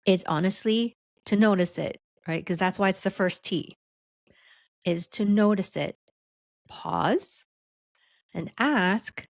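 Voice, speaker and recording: A woman's voice: medium pitch, animated, slow, pauses often, no room sound, clean studio sound. A woman hosting a solo podcast, teaching leadership in a conversational way, often checking in with "right?". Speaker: leadership coach and podcast host.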